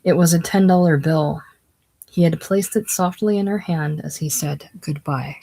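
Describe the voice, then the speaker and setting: A casual reader narrating a classic novel aloud in a plain, unhurried way, dropping lower and quieter on speech tags. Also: creaky, poor audio. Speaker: audiobook reader.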